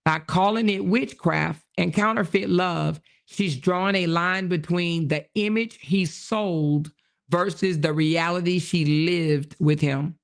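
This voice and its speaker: A woman hosting a casual livestream, reacting to chat with quick exclamations and reading messages aloud, with features. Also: fairly low pitch, gravelly. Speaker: livestream host.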